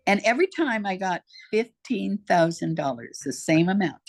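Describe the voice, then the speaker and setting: A woman's voice: medium pitch, expressive, normal speed, a little mellow. An older woman, a podcast guest, recounting her life story in an emphatic, repetitive way. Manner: emphatic, repeats herself for weight. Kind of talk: personal storytelling in conversation.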